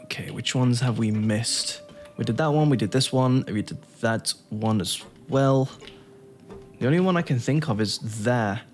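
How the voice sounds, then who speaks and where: A man's voice: mid-range voice, moderate pace, faint music behind. A man giving casual commentary on his own gameplay, thinking aloud and chuckling to himself. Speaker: gaming YouTuber.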